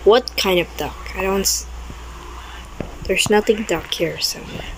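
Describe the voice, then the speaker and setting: Narrating her own gameplay, this young female gaming video creator speaks at a medium pitch and a slightly slow pace, with background noise audible. She jumps at things easily, lets out frequent exclamations, and uses non-native English grammar.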